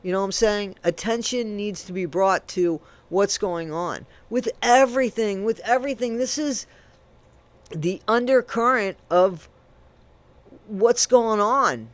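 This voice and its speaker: High-ish voiced guy ranting about true crime, indignant, gets loud then mutters, dry close sound. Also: a little slow, dry recording. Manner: indignant, emphatic, swings from loud to low. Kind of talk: ranting commentary to camera.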